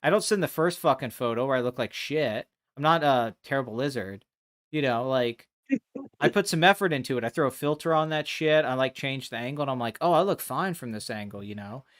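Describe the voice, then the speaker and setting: A man hosting a casual live stream chat, talking in animated, rambling bursts with restarts and plenty of swearing. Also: medium pitch, brisk. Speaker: podcast host.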